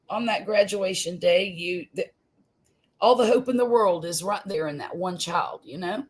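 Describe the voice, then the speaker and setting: A grandmother in her fifties talks her way through a home live stream, unhurried and rambling. Her voice sits a little low, and she drawls along at an easy, slow pace, dropping fillers and laughing often. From US Gulf Coast. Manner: chatty, homey, laughs easily, trails off with fillers. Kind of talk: casual live-stream chat. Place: home room.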